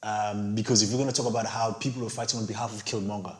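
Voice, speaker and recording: A man's voice: lowish voice, fairly even intonation, very fast. A man co-hosting a casual film review chat, telling stories animatedly and acting out his own reactions with big jumps in voice. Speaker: podcast co-host. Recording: roomy echo.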